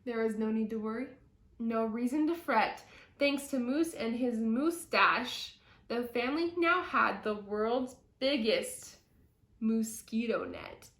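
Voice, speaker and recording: A woman reads a children's picture book aloud with slow, deliberate pacing and an expressive storytelling lilt. Her voice sits a little on the high side, and the recording carries noticeable echo from the room. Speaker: storybook reader. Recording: echoey room.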